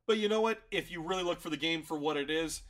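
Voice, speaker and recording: A man co-hosting a rugby podcast in casual chat, animated and jokey, acting out players' thoughts. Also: on the high side, fast. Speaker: podcast co-host.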